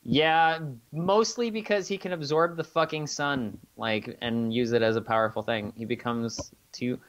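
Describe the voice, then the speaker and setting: A man's voice: mid-range voice, steady tone, unhurried, a bit bright, dull audio. A man co-hosting a podcast in casual, profane chat with lots of fillers. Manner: loose and profane, many fillers. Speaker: podcast co-host.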